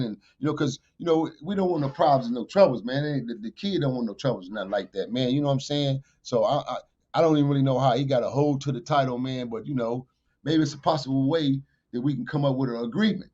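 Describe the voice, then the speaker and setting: A man, a podcast guest, telling a street story in animated fashion. He swears freely and gets loud whenever he quotes himself. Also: mid-range voice, brisk, muffled recording. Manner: profane, loud bursts when quoting himself.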